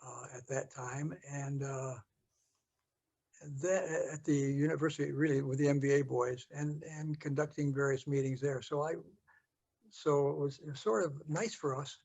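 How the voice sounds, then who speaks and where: An older American man telling a story from his past in an interview, halting with many fillers and restarts. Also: a little high, steady tone, vocal fry, a little mellow. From United States. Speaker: interview guest. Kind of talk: storytelling recollection.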